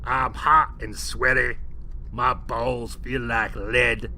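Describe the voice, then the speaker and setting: A man doing a gruff, weary cowboy. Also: medium pitch, level tone, takes it slowly, pushed and bright, slight background noise, pitched above the performer's own voice. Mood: grumpy. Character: tired, grumpy cowboy in a bar.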